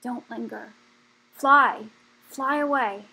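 A solemn old dragon elder, as a woman reads him, grave and unhurried, with a gravelly, husky edge to a fairly high voice. He speaks like a tired leader who has seen too much. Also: fairly even intonation, low-quality recording.

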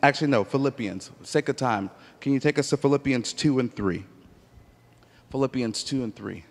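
A man preaching a sermon, telling stories with acted-out dialogue and rising to emphatic near-shouts. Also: mid-range voice, moderate pace. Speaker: pastor. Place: church sanctuary. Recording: long church hall reverb.

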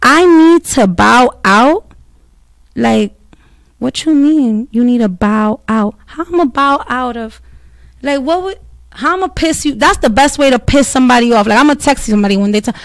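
A woman, hosting a casual solo talk show, blunt and profane, telling stories with quick asides. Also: on the high side, no room sound. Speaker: podcast host.

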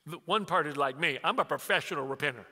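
A man in his sixties preaches with a bright, ringing, high-pitched voice, which carries a long reverb through a church sanctuary. He is a pastor who tells funny family stories and acts out both sides of the conversations. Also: fast. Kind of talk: sermon.

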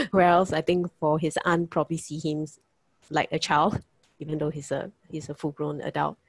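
A woman chats casually on a video call. Her voice is deep for a woman, with a gravelly texture, and the sound is dry and close. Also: moderate pace, no room sound, poor audio. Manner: chatty, laughs while telling. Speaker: workshop participant.

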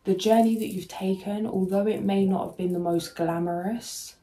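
This tarot reader speaks at a medium pitch and normal speed with a steady tone, offering a calming spiritual reading to viewers. She is emotional and sometimes hunts for the right word, over soft background music in a low-quality recording.

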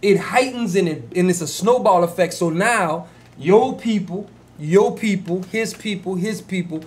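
Man, 30s, New Orleans accent, high voice, emphatic, repeats himself, casual podcast talk. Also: measured pace. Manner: emphatic, repeats himself, stammers when worked up. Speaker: podcast co-host.

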